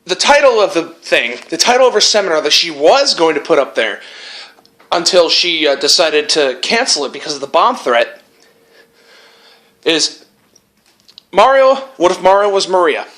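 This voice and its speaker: A man's voice: fairly high pitch, big pitch swings, normal speed, pauses often, a bit bright. A man hosting his channel, delivering an angry, profane rant full of sarcasm and swearing. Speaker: channel host.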